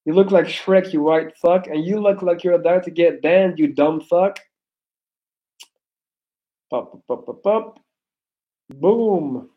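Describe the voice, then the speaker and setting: A man in his thirties from Belgium with an American accent, chatting loudly and animatedly on a live stream, cussing freely. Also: fairly high pitch, muffled recording. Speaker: livestreamer. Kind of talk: casual live stream chat.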